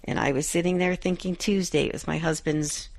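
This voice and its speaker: A middle-aged woman hosts a Catholic radio show, reflecting on a gospel passage and rereading its verses aloud. Her voice is low and steady with vocal fry, and she speaks a little fast, with no echo.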